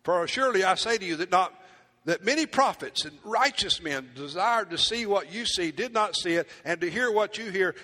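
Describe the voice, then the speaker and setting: A pastor preaching a sermon, animated and playful, acting out his congregation in asides. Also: high-pitched. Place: church hall. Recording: church hall reverb.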